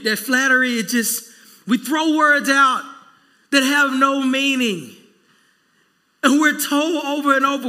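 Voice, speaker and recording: A male pastor preaching a sermon, casual and animated, acting out quick bits of everyday dialogue. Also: very high voice. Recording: long reverb in a church hall.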